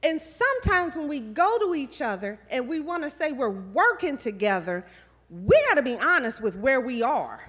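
A woman's voice: sits high, big pitch swings, moderate pace, fairly bright tone. A woman giving a sermon, preaching conversationally with storytelling and quoted asides. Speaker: guest speaker.

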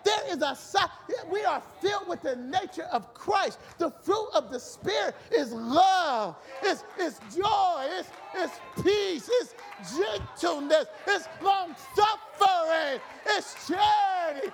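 A man preaching a fervent sermon in a church, shouting and repeating phrases. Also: extremely high pitch, animated, slow, gravelly, hardly any pauses, some chatter behind.

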